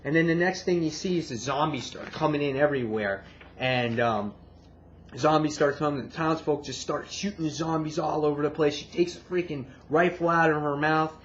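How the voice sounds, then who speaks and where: Excitable man with a lo-fi sound. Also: fairly high pitch, normal speed. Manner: excitable, swears, acts out reactions. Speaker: comic book reviewer. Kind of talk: casual retelling and review. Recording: dull lo-fi, faint background hiss.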